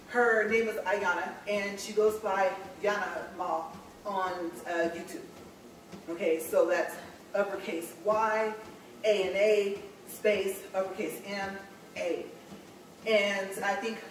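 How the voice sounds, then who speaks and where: A vlogger chatting casually to viewers, rambling and repeating words, with laughs between phrases. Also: mid-range voice. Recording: very echoey room, distant mic, faint noise.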